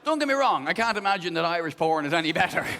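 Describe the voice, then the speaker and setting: Animated, wry stand-up comedian. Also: male voice, high voice, fast talker, big-room sound, slight background noise. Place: theatre stage. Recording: live stage, audience laughter.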